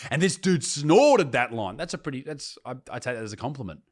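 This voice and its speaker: A man's voice: mid-range voice, big pitch swings, a little fast. Sarcastic man swearing at critics. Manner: sarcastic, profane, mocking. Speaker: comedian. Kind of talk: reacting to comments, casual rant.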